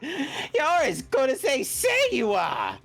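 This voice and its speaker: A woman voicing a smug courtroom prosecutor in a slow, measured delivery. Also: high voice, wildly swooping pitch, creaky, heavily acted. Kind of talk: reading game lines aloud on a livestream.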